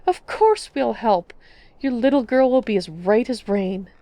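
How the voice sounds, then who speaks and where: A big-hearted motherly Nord woman , played by a woman coos and reassures in a soft, doting voice. The voice is close and dry, from a game roleplay. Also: mid-range voice, sing-song, moderate pace, no echo. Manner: doting, soothing.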